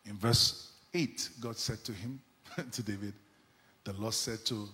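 A man preaching a sermon with fervor, swinging between sudden shouts and hushed asides. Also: lowish voice, steady tone, a little slow, long reverb tail. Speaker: pastor. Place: church.

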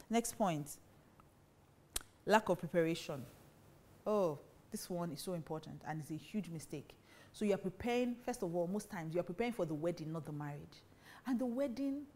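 A woman's voice: on the low side, lively intonation, moderate pace, a little mellow. A woman teaching on marriage in a preaching style, emphatic and full of rhetorical questions. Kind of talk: preaching talk to women.

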